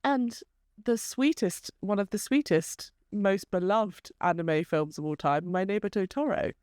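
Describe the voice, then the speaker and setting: A woman's voice: mid-range voice, unhurried, a little mellow, no echo, clean studio sound. A woman co-hosting a casual chat, talking freely and laughing often. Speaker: podcast co-host.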